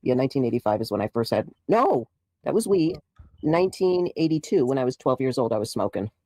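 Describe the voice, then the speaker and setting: A woman's voice: extremely low pitch, sing-song, brisk, dark tone, no echo. A woman in her fifties, a guest on a stream, chatting in a joking, self-mocking way. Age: 50s. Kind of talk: casual chat.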